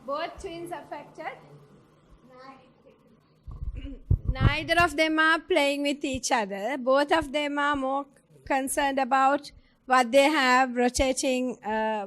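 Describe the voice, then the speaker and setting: A woman's voice: high-pitched, fairly even intonation, slow pace, a bit bright. A woman giving a clinical teaching lecture, explaining step by step and putting questions to her audience.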